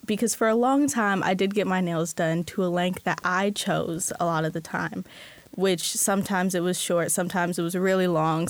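A woman's voice: fairly low pitch, no room sound. Earnest teenage girl guest, dry close sound. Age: teens. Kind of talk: casual chat.

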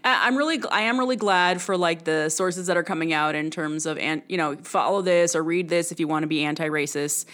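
A woman's voice: on the low side, a little fast, few pauses. A woman in casual conversation, thoughtful and affirming, often saying yep and mm-hmm. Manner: thoughtful, agreeing, steady back-channel.

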